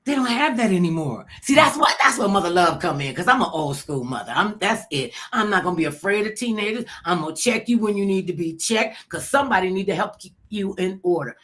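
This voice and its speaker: A middle-aged woman hosting a casual chat, telling stories with animated acted-out voices. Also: medium pitch, fairly quick, hardly any pauses. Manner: animated storyteller, acts out voices. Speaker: host.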